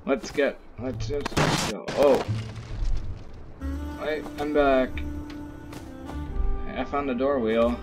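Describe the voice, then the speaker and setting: A man's voice: medium pitch, fairly even intonation, slow, long pauses. A man casually commenting on a video game while he plays it, rambling with restarts, game music behind. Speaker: gaming channel host. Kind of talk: let's play commentary.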